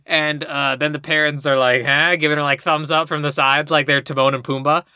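A man's voice: a little high, flat delivery, fairly quick, pushed and bright, clean tone, dry recording, studio quality. A man co-hosting a podcast, recapping a story in a rambling, casual way with lots of filler words. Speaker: podcast co-host.

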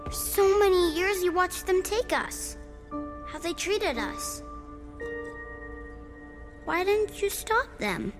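A woman voicing a hurt young alien girl in an animated series, speaking slowly and reproachfully. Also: extremely high pitch, full character voice. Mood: accusing. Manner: slow and reproachful. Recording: animated show clip with music.

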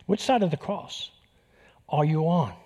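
A man with a New York accent preaching a sermon, animated and building to emphatic peaks. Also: fairly high pitch, measured pace, lo-fi sound. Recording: long hall reverb.

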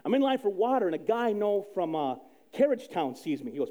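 A male pastor preaching in a high, very lively voice with a mellow, dark tone. He tells stories with sudden drops to near-hushed speech and loud, punchy quoted lines. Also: fast. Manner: animated storytelling with sudden soft drops and loud quoted outbursts. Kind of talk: sermon.

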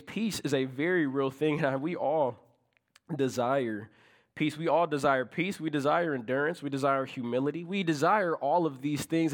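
Conversational preacher, man, fairly high voice. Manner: conversational, rhetorical questions, rising into emphatic peaks. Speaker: pastor. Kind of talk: sermon.

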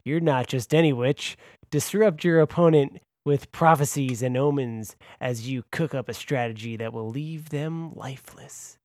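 A man putting on a dramatic trailer announcer voice with booming, theatrical promo delivery. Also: measured pace, darkish tone, dry recording, lightly acted.

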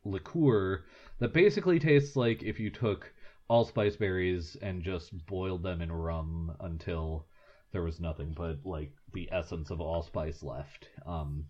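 A man's voice: deep voice, measured pace, dark tone, muffled recording. A man co-hosting a podcast in casual chat, rambling and wry, with many fillers. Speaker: podcast co-host.

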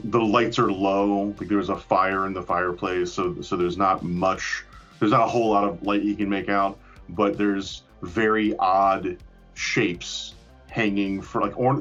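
A man's voice: low voice, fairly bright tone. A man in casual chat, rambling with fillers and casual swearing. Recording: dull lo-fi recording.

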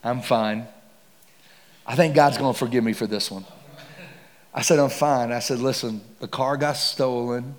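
Preacher telling a story in a big echoing hall. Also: male voice, medium pitch, normal speed. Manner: dramatic, swings from hushed to loud and excited. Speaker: pastor. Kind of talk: sermon storytelling. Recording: long hall reverb.

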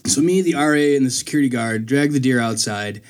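A young man in casual chat, telling a story in an animated way and jumping up in pitch when he quotes people. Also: brisk. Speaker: storyteller in conversation.

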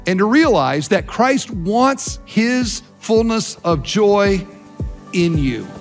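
A pastor delivers a sermon in a high, bright-edged voice, moving through a story with animation. He presses his listeners directly and warmly builds toward his point. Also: sing-song, slow pace, faint music behind.

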